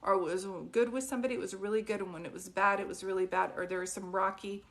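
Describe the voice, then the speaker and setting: Woman, psychic medium on a live stream, gentle and questioning, mid pitch, close phone mic. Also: steady tone, quick pace. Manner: soft, consoling, often asks questions. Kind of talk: live-stream reading, casual and chatty.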